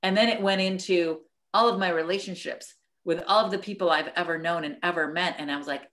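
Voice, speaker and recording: A woman's voice: lowish voice, brisk, hardly any pauses, fairly bright tone. A middle-aged woman leading a study group over a video call, sharing a personal story in an earnest, reflective way with frequent restarts.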